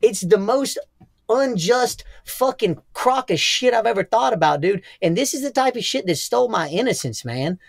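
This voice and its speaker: A man's voice: sits high, normal speed, gravelly, no echo, studio quality. A young man with a Southern US accent, telling wild stories as a podcast guest, swearing a lot and laughing often. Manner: profane, animated storyteller, laughs often. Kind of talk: casual storytelling interview.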